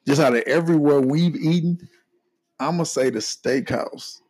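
A man's voice: fairly high pitch, normal speed, darkish tone, slightly rough, no room sound. A man co-hosting a casual podcast from St. Louis, joking and repeating himself as he talks. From St. Louis, USA. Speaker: podcast co-host. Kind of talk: casual chat.

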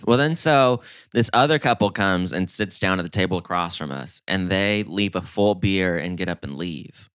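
Young man, low register, lively co-host who acts out scenes; dry recording. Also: moderate pace, hardly any pauses, clear, resonant tone, no room sound. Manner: animated storyteller, acts out voices, laughs often. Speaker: podcast co-host. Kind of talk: casual storytelling chat.

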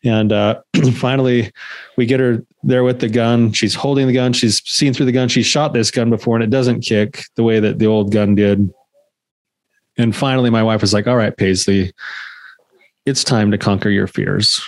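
A man in his thirties or forties, a podcast co-host, telling a story in a casual, animated way and acting out the voices of the people in it. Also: mid-range voice, normal speed, no echo. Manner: animated, acts out quoted voices.

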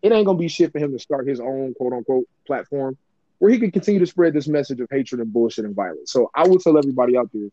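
Guy cohosting a podcast, laughs a lot, cusses, mellow voice, muffled dry sound. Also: mid-range voice, quick pace, no room sound. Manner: laughs often, swears freely, lively sarcastic delivery. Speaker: podcast co-host. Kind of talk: casual podcast banter.

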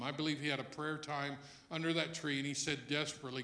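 Bright-voiced man preaching with dramatic volume swings. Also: fairly high pitch, little pitch movement, fast talker. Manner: swings between hushed and loud emphasis; acts out quoted lines for listeners. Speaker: pastor. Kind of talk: sermon. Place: church hall.

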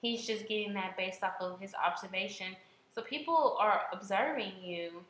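A woman's voice: mid-range voice, moderate pace, a bit bright, reverberant, low-quality recording. A young woman co-hosting a casual chat, talking at length with many fillers and restarts. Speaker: podcast co-host.

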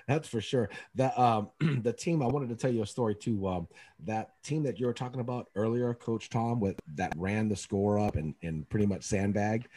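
A middle-aged man, a podcast co-host and youth basketball coach, chatting casually and telling stories, acting out the lines he quotes. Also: on the low side. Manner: animated storyteller acting out quotes. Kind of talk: casual chat, storytelling.

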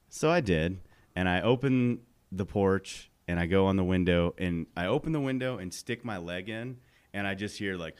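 A man's voice: sits low, moderate pace, dry recording. A man telling a funny story in casual podcast chat, laughing often.

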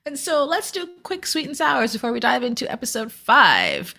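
Woman, podcast co-host, casual recap, animated, bright. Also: a little high, normal speed, creaky. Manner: animated, acts out quotes, rants.

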